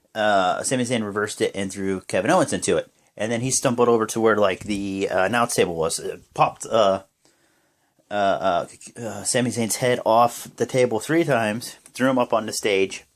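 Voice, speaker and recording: A young male vlogger casually recaps a wrestling show in rambling play-by-play, full of fillers and sudden bursts of excitement. His voice is fairly low.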